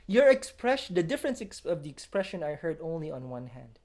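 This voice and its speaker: Lively, encouraging woman piano teacher. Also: low voice, fairly quick, few pauses. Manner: encouraging, sings phrases on syllables. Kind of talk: masterclass coaching. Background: faint piano.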